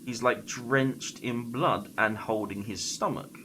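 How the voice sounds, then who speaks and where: A man streaming a game while casually retelling a scary story, halting and full of fillers and restarts. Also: medium pitch, sharp tone, slight background noise.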